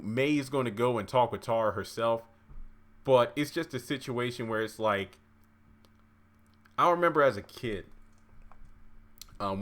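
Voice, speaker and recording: A man with a fairly low voice recaps a TV episode in a loose, chatty way. He rambles through asides and fillers, keeping it conversational. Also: a bit bright. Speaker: TV recap vlogger. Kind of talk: casual episode recap commentary.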